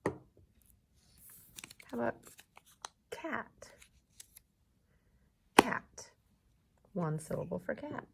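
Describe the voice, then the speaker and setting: A woman teacher giving a recorded lesson to young children, patient and encouraging, repeating each word slowly so they can clap along. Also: lowish voice, lively intonation, gravelly, husky. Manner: slow, patient, encouraging, repeats words for clapping.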